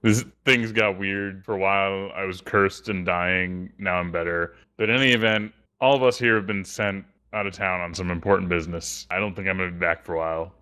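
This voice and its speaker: A man voicing an earnest young male adventurer in a tabletop game, with halting, apologetic speech. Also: low voice, steady tone, sharp tone, clear, resonant tone.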